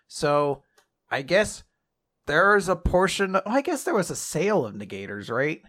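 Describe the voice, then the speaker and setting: Animated young man, bright voice. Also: fairly high pitch, measured pace. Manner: animated, laughs often, acts out quoted lines in a raised voice. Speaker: podcast co-host. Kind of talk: casual manga recap chat.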